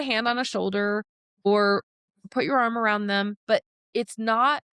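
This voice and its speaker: Lively woman podcast co-host, dry sound. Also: medium pitch, a little slow, clean tone, no room sound. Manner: lively storyteller who acts out quotes. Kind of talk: casual podcast conversation.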